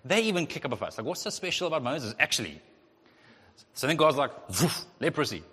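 A male pastor preaching a sermon in a lively way, acting out the voices of the people in his story. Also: on the high side, brisk, slightly rough. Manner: animated, acts out voices of God and the Israelites. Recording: long hall reverb.

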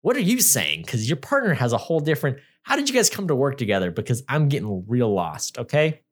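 A man's voice: medium pitch, big pitch swings, fast talker. Sarcastic rambling man reviewing a movie. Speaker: podcast co-host reviewing a movie. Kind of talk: casual chat.

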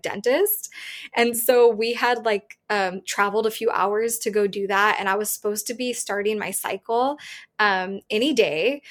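A woman in her thirties tells her own story to an interviewer, candid and chatty. Her voice sits a little high. She fills her talk with "like" and breaks into laughs often.

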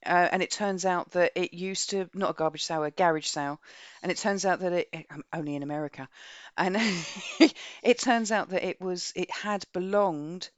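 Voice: medium pitch, moderate pace, no room sound. A podcast co-host recapping a book's plot in a casual, rambling way, with many restarts.

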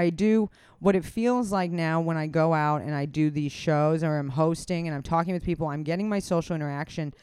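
A comedian hosts a loose, casual chat, rambling from one thought to the next and swearing freely. The voice is smooth and clear, recorded close and dry with no room sound. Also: mid-range voice, darkish tone, no room sound. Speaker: comedian and podcast host.

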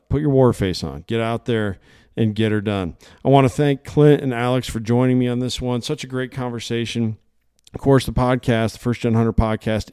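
A man's voice: fairly low pitch, warm tone, clear, resonant tone, no echo, clean studio sound. A man hosting a podcast, talking in an enthusiastic, rambling way. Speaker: podcast host. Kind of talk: casual podcast interview.

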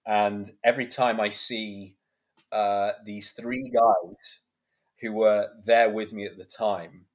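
A man in his thirties, an actor guest on a podcast, telling animated anecdotes and laughing often. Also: fairly low pitch, slow pace. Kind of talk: podcast interview storytelling.

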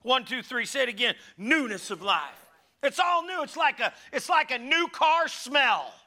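High, bright, gravelly-voiced male pastor. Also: normal speed. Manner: animated, shifts from loud calls to hushed asides. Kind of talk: conversational sermon with humorous stories.

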